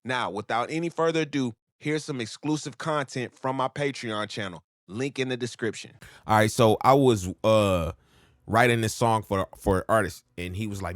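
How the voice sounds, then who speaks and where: A man's voice: on the low side, normal speed, no room sound, studio quality. Laid-back man coaching rap. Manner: laid-back, slangy, frequent "all right?" check-ins. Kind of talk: casual music lesson with rap demos.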